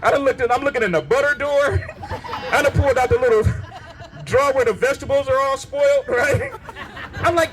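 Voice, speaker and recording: High, lively male stand-up comic. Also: a little fast. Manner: animated storytelling, breaks into laughter and sung bits. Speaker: stand-up comedian. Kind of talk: stand-up comedy set. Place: comedy club stage.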